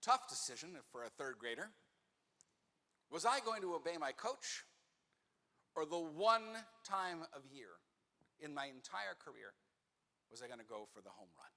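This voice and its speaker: A man, a rabbi, telling a personal story in a sermon, animated and acting out the voices of the people in it. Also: a little high. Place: synagogue sanctuary. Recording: reverberant hall.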